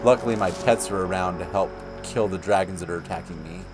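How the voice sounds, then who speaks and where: A man's voice: sits low, quick pace, over music. A man hosting a gaming channel, talking through gameplay in a rambling, chatty way. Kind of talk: casual gameplay commentary.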